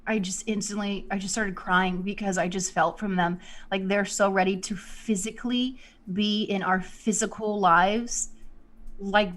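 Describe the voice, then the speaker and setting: A woman who works as a psychic medium talks in a loose, rambling way. She leans on "you know" and restarts her sentences often. Her voice sits at an ordinary middle pitch. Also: fairly even intonation, measured pace, a bit bright. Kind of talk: casual spiritual talk.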